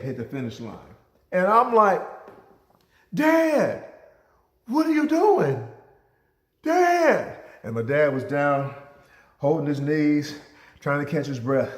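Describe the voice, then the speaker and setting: A man telling a personal story as a motivational speaker, acting out the dialogue with big vocal jumps. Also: a little high. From Ohio, USA. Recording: roomy echo.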